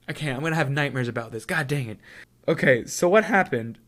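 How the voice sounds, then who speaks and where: A man telling stories in a casual vlog, excitable and self-deprecating, with lots of fillers. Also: medium pitch, fairly quick. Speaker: vlogger.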